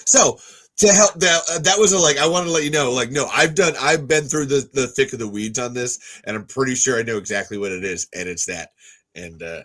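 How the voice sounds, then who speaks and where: A man's voice: mid-range voice, a little fast, fairly bright tone. Male podcast co-host, loose and profane, talks in fits and starts. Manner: rambling, profane, full of restarts and fillers. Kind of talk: casual chat.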